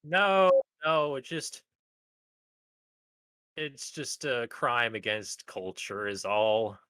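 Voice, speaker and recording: A man's voice: mid-range voice, very animated, extremely slow, pushed and bright, smooth, dry recording, heavily acted. A man voicing a nervous, hesitant male villager in a tabletop game. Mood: huffy. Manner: hesitant and fretful.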